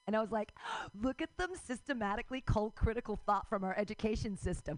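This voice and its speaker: A middle-aged woman doing a rambling stand-up comedy set at a live show, breaking into loud outbursts and laughing at her own jokes. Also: medium pitch, quick pace, few pauses, dry recording.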